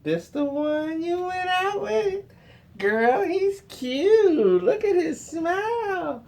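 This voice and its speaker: A man voicing an excited older mother, her voice pitched very high and gushing. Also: slow, exaggerated voice.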